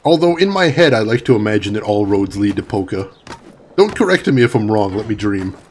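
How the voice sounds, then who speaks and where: A man's voice: fairly low pitch, big pitch swings, a little fast, slight background noise. A man casually commenting on his game while chatting with viewers and laughing often. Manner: chatty, reads chat aloud, laughs often. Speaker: gaming streamer. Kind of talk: casual let's-play commentary.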